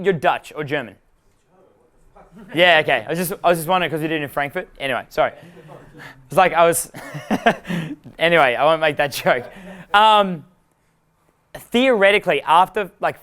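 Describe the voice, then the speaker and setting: A man giving a live dating seminar, animated and profane, laughing at his own jokes. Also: on the high side, smooth. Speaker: dating coach.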